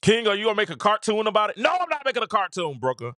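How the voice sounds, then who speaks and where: A man hosting a call-in sports talk show, talking in an animated, exasperated way and often repeating himself. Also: high-pitched, very fast, no echo, studio quality.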